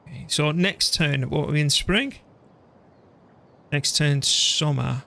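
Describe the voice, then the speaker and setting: A man on the high side speaks slowly with vocal fry and a pushed, bright quality. He streams a strategy game live, casually chatting, mocking himself, and talking back to his computer and the game.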